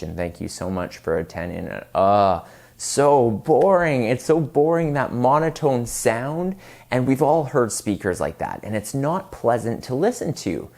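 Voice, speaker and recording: A man giving public speaking tips straight to camera in an energetic, emphatic way, varying his volume for effect. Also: medium pitch, gravelly.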